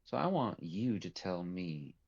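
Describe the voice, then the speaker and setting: A man voicing Fat Cat, a watchful restaurant host, who speaks low, measured and probing. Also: sing-song, gravelly, darkish tone, dull audio, exaggerated voice. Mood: earnest.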